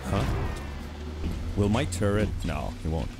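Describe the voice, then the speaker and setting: A man giving casual gameplay commentary as host of a let's play, thinking aloud in a musing, halting way. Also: fairly low pitch, lively intonation. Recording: game music clearly behind.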